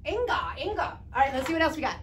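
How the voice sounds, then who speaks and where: Young woman, high and wildly animated, kids' ministry teacher, bouncy and exaggerated, moving while talking. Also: slight background noise. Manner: bubbly, exaggerated, sings and shouts, talks fast. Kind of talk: energetic kids' Bible lesson to camera.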